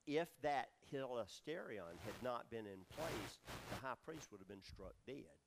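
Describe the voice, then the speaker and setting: A man's voice: medium pitch, lively intonation, measured pace, creaky, background noise. A man teaching a Bible study sermon, explaining words and asking his listeners questions as he goes. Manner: explanatory, asks the audience questions, many fillers. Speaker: preacher teaching scripture.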